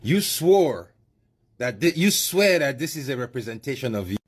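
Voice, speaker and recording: A man's voice: mid-range voice, lively intonation, fast, fairly bright tone, husky. A man mocking his audience with sarcastic, emphatic commentary in a played clip.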